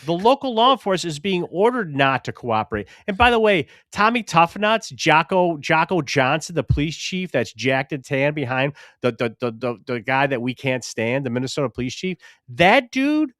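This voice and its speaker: A man co-hosting a live podcast stream in casual banter, loud, animated, rambling and profane. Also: fairly high pitch, moderate pace, few pauses, no echo, studio quality. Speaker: podcast co-host.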